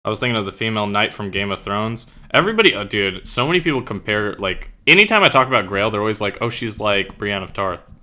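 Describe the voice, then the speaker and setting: Young guy streamer chatting w his viewers, kinda low but bright voice, lots of likes and swearing. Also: big pitch swings, quick pace, few pauses. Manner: rambling, filler-heavy, swears casually. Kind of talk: casual chat with live chat. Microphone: own streaming mic.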